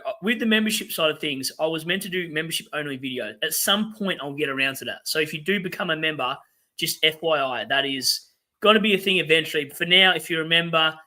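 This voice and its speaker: Ranting, foul-mouthed Australian livestream host. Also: male voice, on the high side, bright, forceful tone. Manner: ranting, profane, quick asides to chat. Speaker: fantasy football livestream host. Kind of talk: casual livestream chat. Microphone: webcam setup.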